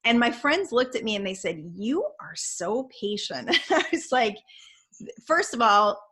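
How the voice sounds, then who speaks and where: A middle-aged woman co-hosting a casual talk show, telling stories in an animated, emphatic way. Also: fairly high pitch, unhurried. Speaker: podcast co-host. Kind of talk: casual chat.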